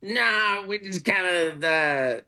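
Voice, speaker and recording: A man talking as a guest over a video call, halting and full of fillers as he tells a story. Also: high-pitched, sharp tone, low-quality recording. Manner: halting, lots of fillers and restarts, laughs along.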